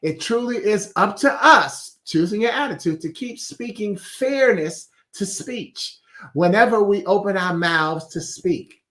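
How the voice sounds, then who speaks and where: A man's voice: high-pitched, lively intonation, unhurried, fairly bright tone. A man hosting a weekly inspirational message in a chatty, casual way, laughing at his own wordplay and reading out viewer comments. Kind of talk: casual motivational talk.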